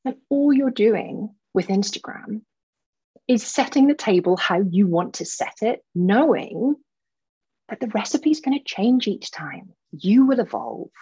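A woman coaching over a video call in a fervent, ranting flow, with swearing thrown in. Her voice is husky. The call audio sounds dull and muffled. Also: medium pitch, expressive, unhurried, dark tone. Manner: passionate, ranting, swears freely.

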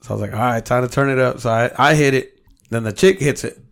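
A man's voice: mid-range voice, quick pace, gravelly. A man co-hosting a podcast, telling a rambling story in casual chat and cursing often. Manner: storytelling, heavy swearing, quotes himself. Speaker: podcast co-host.

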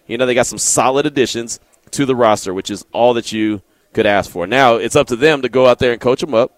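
A man's voice: medium pitch, fairly quick, no room sound. A man hosting a sports talk radio show, chatting casually and reading out listener texts. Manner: relaxed, conversational, reads listener texts.

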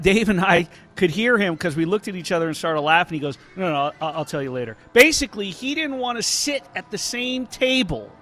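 A man with a high voice talks sports on the radio as a local reporter. He tells stories in an animated, casual way and restarts his sentences often. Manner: animated, storytelling with many restarts.

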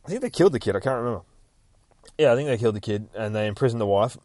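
A male podcast host in a casual comic book recap, excitable and full of swearing, who keeps poking fun at himself. His voice sits in an ordinary middle pitch. The recording is dry and close. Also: very fast, no echo. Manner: excitable, heavy swearing, self-mocking.

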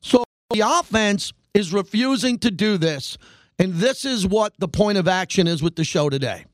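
A high-voiced man hosting a sports talk show, firing off a fast, emphatic monologue and hammering his points home by repeating them. The sound is dry and close to the mic, with no room around it. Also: animated, no room sound. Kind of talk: animated sports radio monologue.

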